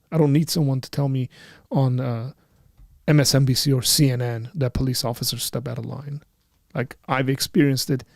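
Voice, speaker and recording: A man with a gravelly, mid-pitched voice hosts a live call-in show, telling a story in an emphatic, conversational way. His pitch jumps when he gets heated. The sound is dry and close, with no room echo. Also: darkish tone. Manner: acts out both sides of remembered dialogue. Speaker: host of a call-in apologetics panel. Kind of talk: live call-in discussion, personal anecdote.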